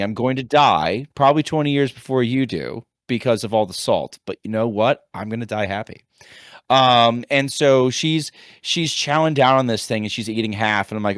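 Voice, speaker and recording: A man in his thirties from the United States chats casually on a podcast. He tells a story in a rambling, animated way and keeps restarting his sentences. His voice sits at an ordinary male pitch and sounds dry and close. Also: moderate pace, no room sound. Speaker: podcast co-host, high school teacher. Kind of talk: casual chat.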